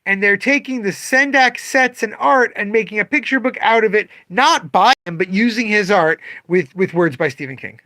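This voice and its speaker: A man's voice: sits high, normal speed, hardly any pauses, no room sound. A man who owns a comic shop, talking casually on a livestream and acting out customers' voices. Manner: animated, acts out customer voices.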